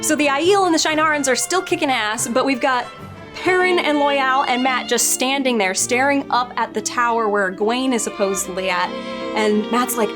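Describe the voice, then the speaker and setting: A woman's voice: a little high, normal speed, a bit bright, faint music behind. A woman casually recapping and nitpicking a TV episode, chatty and exasperated, laughing now and then. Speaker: show reviewer.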